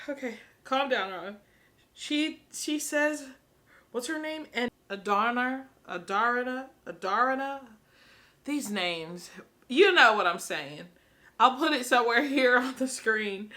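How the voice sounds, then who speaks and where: Woman, book vlogger, casual reaction vlog, excitable, rambling, high bright voice. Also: slow. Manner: excitable and gushing, laughs often; rambling, repeats herself. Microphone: camera she films herself with.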